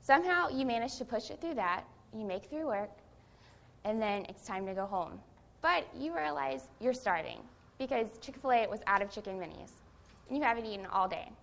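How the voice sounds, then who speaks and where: A woman's voice: fairly high pitch, lively intonation, moderate pace, creaky, a bit bright. A young adult woman, a seminary student, giving a conversational sermon that opens with a self-deprecating personal story.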